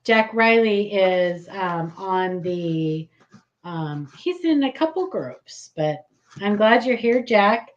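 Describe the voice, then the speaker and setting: A woman hosting a casual live stream, giggly and excitable, greeting viewers by name. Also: medium pitch, slow, highs cut off.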